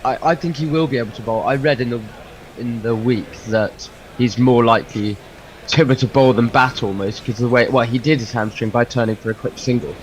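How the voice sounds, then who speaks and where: A man's voice: mid-range voice, steady tone, fairly quick, poor audio. A man chatting casually as a cricket co-commentator, giving easygoing analysis, with faint background noise.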